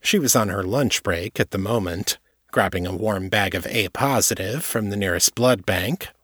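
A man with a low voice reads an audiobook chapter in a steady, measured way. The recording is dry and close, with no room sound. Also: slightly rough, dry recording. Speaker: audiobook narrator. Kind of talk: scripted narration.

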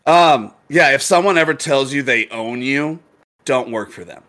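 A young man streaming games, telling a profane story in a casual, animated, laughing way. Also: mid-range voice, normal speed. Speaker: gaming streamer.

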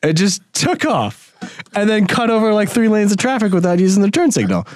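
Lively high-voiced man telling a story. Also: fairly quick. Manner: animated storytelling, laughs often. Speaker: podcast co-host. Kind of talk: casual chat.

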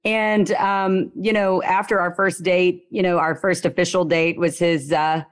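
Woman, Louisiana drawl, low-ish voice, chatty storyteller, playful slang. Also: level tone, unhurried. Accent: Southern US, Louisiana. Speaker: guest. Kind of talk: casual storytelling.

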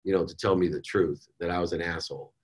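Low-voiced middle-aged man telling a candid story. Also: quick pace, breathy edge. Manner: candid and animated, casual slang like "man" and "dude". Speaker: podcast guest. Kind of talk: personal storytelling in an interview.

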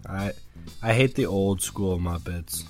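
A man co-hosting a podcast while sick, sounding glum and deadpan. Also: low voice, slow pace, over music. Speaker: podcast co-host. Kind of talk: casual chat.

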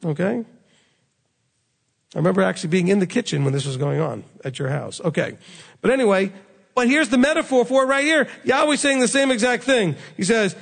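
A man gives a conversational sermon in a high voice with a gravelly edge. The sound carries a long hall reverb. He acts out the quoted lines with animation. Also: lively intonation, a little fast. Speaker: rabbi teaching. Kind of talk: sermon teaching.

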